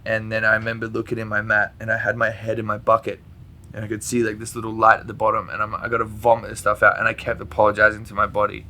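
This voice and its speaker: A man, a podcast guest, telling a personal story in casual chat, animated, swearing and laughing often. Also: fairly low pitch, quick pace.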